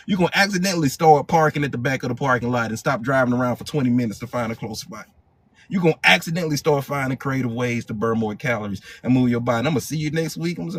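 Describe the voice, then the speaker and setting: A man's voice: mid-range voice, husky. A male hypnotherapy coach leading a live motivational training, emphatic and repetitive, in casual slang.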